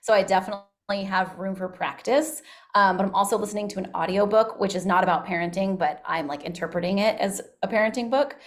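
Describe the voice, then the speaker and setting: A woman's voice: mid-range voice, fairly even intonation, quick pace. A woman working as a school social worker, talking casually on a video call in a chatty way with many "like" fillers. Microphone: video call microphone.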